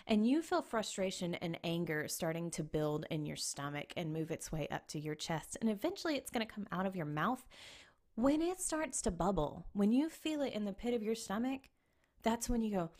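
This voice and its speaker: A woman's voice: medium pitch, expressive, moderate pace, darkish tone. A woman giving earnest, conversational advice on self-awareness in relationships, often checking in with her listeners. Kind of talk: casual advice talk.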